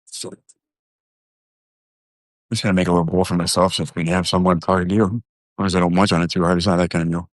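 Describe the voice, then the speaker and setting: A man with a very low, deep voice hosts a casual live stream, rambling loosely from one thought to the next with plenty of fillers and restarts. He jokes around and talks straight to his viewers. The sound is dry and close. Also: level tone, quick pace, pauses often, dry recording. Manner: joking, talks directly to viewers.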